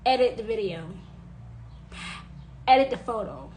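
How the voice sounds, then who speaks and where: A woman giving forceful advice in a monologue, hammering her points home by repeating them. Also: a little high, lively intonation, a little slow, slight background noise, rough recording. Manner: insistent, repeating phrases for emphasis. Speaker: witch sharing advice. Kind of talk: emphatic monologue to camera.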